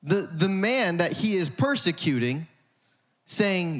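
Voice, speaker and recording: A man's voice: high-pitched, big pitch swings, fairly bright tone. Preaching man in a reverberant hall. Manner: emphatic preaching with dramatic pauses. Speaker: pastor. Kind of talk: sermon.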